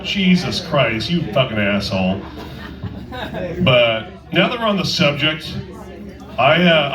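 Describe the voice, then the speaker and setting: A man working a stand-up set in a comedy club, his voice sitting a touch high. He rambles crudely and keeps cutting himself off mid-line. The sound is roomy and echoey, as if the mic is some way off. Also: distant mic. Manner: crude, rambling, self-interrupting delivery.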